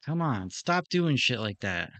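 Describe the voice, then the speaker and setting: A man's voice: medium pitch, big pitch swings, a little slow, fairly bright tone, no echo. A man streaming himself practicing in a drone racing simulator, muttering to himself and swearing in frustration as he plays. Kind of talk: live gameplay self-talk.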